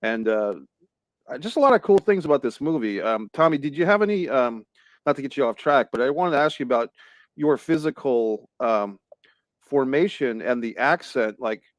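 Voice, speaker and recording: A man co-hosting a podcast on a video call, asking questions in a halting way as he searches for words. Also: mid-range voice, expressive, no room sound. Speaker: podcast co-host. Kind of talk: casual podcast chat.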